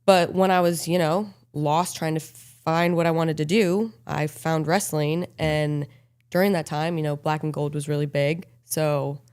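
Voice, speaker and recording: A woman's voice: low voice, fairly even intonation, a little slow, a little mellow, smooth. A young adult woman, an interview guest, talking earnestly with likes and you-knows. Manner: earnest, uses like and you know. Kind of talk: casual interview chat.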